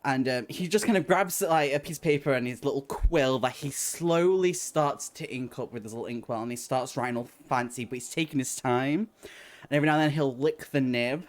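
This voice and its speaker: A woman's voice: rumbling low, a little fast. A woman narrating as game master of a tabletop game, rambling with many fillers and little laughs.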